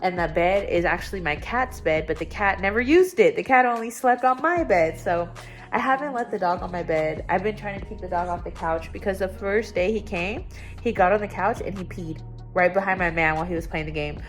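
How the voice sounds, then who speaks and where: A woman's voice: fairly quick, soft background music. Candid, rambling young woman vlogging. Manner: candid and rambling, with sudden excited jumps in pitch. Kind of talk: casual confessional vlog chat. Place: at home, indoors.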